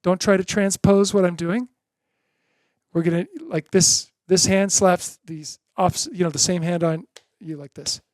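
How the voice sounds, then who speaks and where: Brief: patient drum teacher for total beginners, unhurried and encouraging, chants beats aloud, dry close sound. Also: medium pitch, steady tone, darkish tone, no room sound.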